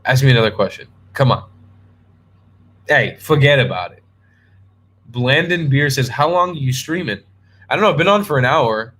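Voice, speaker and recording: Young male streamer, playful and rambling, answers chat loosely in a mid-pitched voice. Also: lively intonation, normal speed, pauses often, a bit bright. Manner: chatty, joking, talks to chat by name, many ums and restarts. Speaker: travel vlogger hosting a live stream. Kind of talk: casual live-stream chat reading viewer questions.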